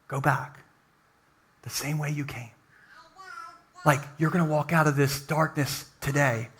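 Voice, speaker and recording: A man preaching a sermon as pastor in a church, dropping from loud calls to hushed near-whispers. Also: on the high side, vocal fry. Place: church sanctuary.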